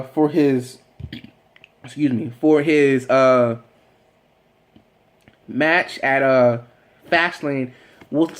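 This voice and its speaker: A man vlogger rambling excitedly in casual fan commentary, with lots of fillers and restarts. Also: mid-range voice.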